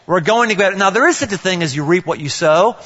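Middle-aged male pastor, bright high voice, lively playful sermon delivery, recorded in a long-reverb hall with dull sound. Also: quick pace, husky. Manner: animated, playful, acts out dialogue with big pitch jumps.

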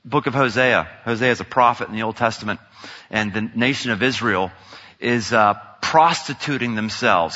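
A man preaching a sermon, swinging dramatically between loud outbursts and hushed, intimate lines. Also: medium pitch, moderate pace. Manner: dramatic, swings from shouting to near whisper. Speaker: pastor. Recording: dull sound in a large reverberant hall.

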